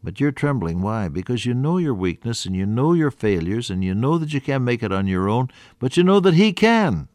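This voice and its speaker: A man preaching an earnest sermon, quoting scripture in old-fashioned wording and rising, then dropping to a hushed voice. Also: on the low side, animated, fairly quick, few pauses, dry recording. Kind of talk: radio sermon.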